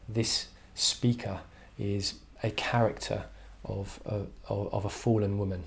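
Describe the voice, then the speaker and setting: A man's voice: fairly low pitch, slight background noise. A man teaching an English literature lesson online, talking thoughtfully with frequent "um"s and restarts. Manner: thoughtful, hesitant with frequent fillers.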